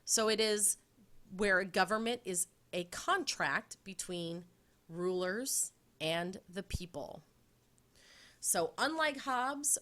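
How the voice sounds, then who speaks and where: A woman's voice: on the low side, fairly bright tone. A woman teacher giving an upbeat classroom lecture over slides, explaining ideas with memory tricks.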